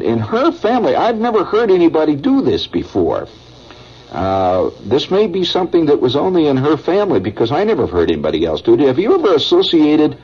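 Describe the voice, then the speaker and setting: Middle-aged male radio host, rambling folksy storyteller, husky and lively, old muffled broadcast sound. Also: medium pitch. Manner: folksy and conversational, with chuckles and asides to listeners. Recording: dull vintage radio broadcast.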